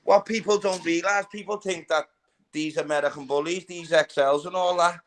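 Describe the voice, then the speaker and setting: A man's voice: on the high side, steady tone, moderate pace. A man in casual chat, bantering and giving firm opinions.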